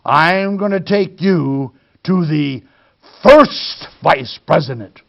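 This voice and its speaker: A man's voice: on the high side, creaky, muffled recording. Man voicing a furious emphatic executive. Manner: slow, emphatic. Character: furious finger-pointing vice president, man.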